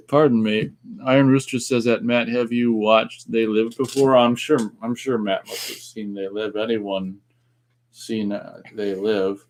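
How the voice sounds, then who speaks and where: A man's voice: fairly low pitch, little pitch movement, measured pace, darkish tone, slight background noise. A man co-hosting a casual live radio-style stream, reading viewers' comments aloud and chuckling between them. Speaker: co-host.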